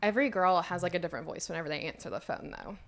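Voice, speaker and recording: A woman's voice: on the low side, very fast. Chatty young woman guest. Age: 20s. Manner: animated, chatty. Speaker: podcast guest. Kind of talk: casual chat.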